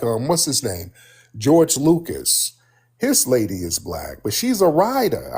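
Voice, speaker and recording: A man's voice: medium pitch, darkish tone, slightly rough. A man hosting a casual livestream chat, brash, teasing and confrontational with his callers. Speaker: livestream host.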